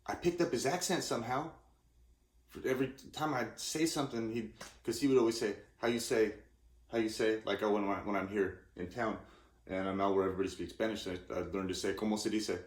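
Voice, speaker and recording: A man's voice: fairly low pitch, steady tone, fast. A man in his forties from California, talking casually in a rambling, self-interrupting way with lots of restarts. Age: 40s. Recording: roomy echoey room.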